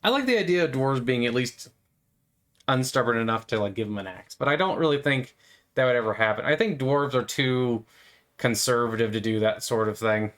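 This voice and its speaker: A man talks his way through a video game in a loose, playful ramble. He stammers and fills pauses with ums and likes, and his voice sits at an ordinary middle pitch. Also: animated, fairly bright tone. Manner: playful, meandering, stammering, with frequent fillers. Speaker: gamer. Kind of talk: rambling gameplay commentary.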